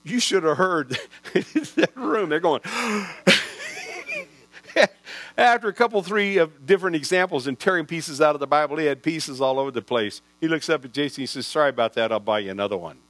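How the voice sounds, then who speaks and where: A man's voice: fairly high pitch, fairly quick, a bit bright, no room sound, rough recording. A man in his sixties preaching a sermon, folksy and rambling, often restarting his sentences. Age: 60s. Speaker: pastor. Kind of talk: sermon storytelling. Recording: dry with mains hum.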